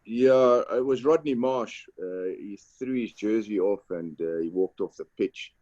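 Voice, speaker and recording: A man's voice: fairly low pitch, measured pace, mellow, no echo, highs cut off. Brief: man telling a story on a video call, repeats words, dry close sound. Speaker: panelist, former footballer. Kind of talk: storytelling on an online panel.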